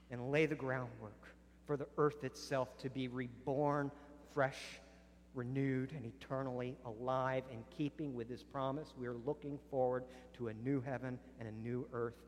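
A man preaching a sermon as a pastor, earnest, dropping soft on solemn lines. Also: mid-range voice, flat delivery, a little slow, big-room sound, slight background noise. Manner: earnest preaching, drops soft on solemn lines, rises sharply in acted arguments.

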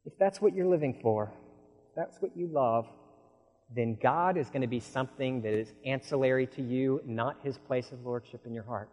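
A man preaching a sermon, asking the congregation rhetorical questions and swinging from hushed lines to loud, urgent ones. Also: medium pitch, normal speed. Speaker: pastor. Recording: long hall reverb.

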